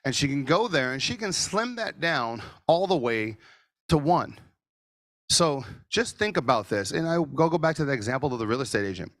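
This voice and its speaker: A man presenting a marketing masterclass over a video call, animated and sometimes nearly shouting for emphasis. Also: mid-range voice, normal speed, no echo, clean studio sound. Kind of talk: energetic webinar teaching. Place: office studio.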